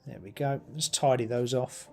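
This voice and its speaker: A man's voice: mid-range voice, steady tone, normal speed, creaky, soft background music. A middle-aged British man casually chatting on his live stream while painting miniatures, rambling with lots of ums and uhs.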